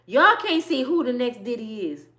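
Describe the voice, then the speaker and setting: A woman ranting about celebrity gossip to her viewers, animated and profane, quizzing them with rhetorical questions. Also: a little high, normal speed. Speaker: vlogger.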